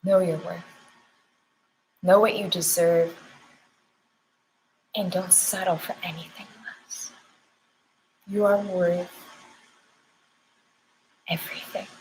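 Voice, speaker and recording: A woman's voice: fairly low pitch, fairly even intonation, slow pace, long pauses, a little mellow, a little hiss or hum, low-quality recording. A young woman giving a spiritual oracle card reading, speaking tenderly with affirmations and sounding close to tears.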